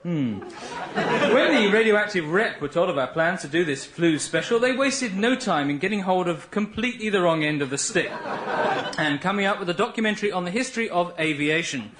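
A man presenting a radio comedy show, announcing in a dry, deadpan way. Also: high voice, fairly quick. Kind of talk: scripted comic announcement.

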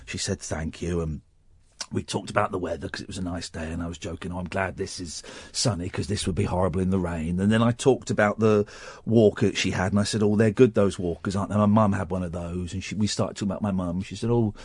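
A man hosting a radio show, telling a personal story while close to tears, halting and restarting often. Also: sits low, steady tone, a little mellow, slightly rough, no echo. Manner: halting and tearful, with many restarts. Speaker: radio host.

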